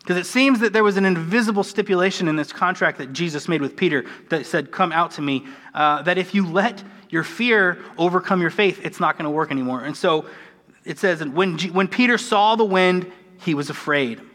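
A man's voice: high voice, fairly quick, fairly bright tone. An American man preaching a conversational, earnest sermon, with a self-deprecating manner. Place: church sanctuary. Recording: church hall with long reverb.

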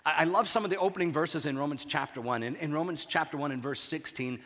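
A male pastor with a hoarse throat, preaching a conversational sermon and often clearing his throat. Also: fairly high pitch, fast talker, fairly bright tone. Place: church sanctuary. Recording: reverberant church hall.

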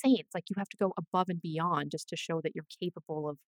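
Career coach guest: woman, lowish voice, dry close sound, chatty and animated. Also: no room sound. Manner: chatty, animated, quick asides. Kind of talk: casual interview chat.

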